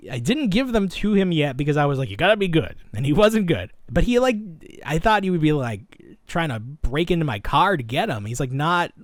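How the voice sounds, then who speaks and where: A man's voice: fairly high pitch, big pitch swings, fairly quick, dry recording, studio quality. A man co-hosting a podcast in casual chat, rambling and restarting his sentences, laughing often, his voice a bit worn. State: voice getting tired. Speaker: podcast co-host.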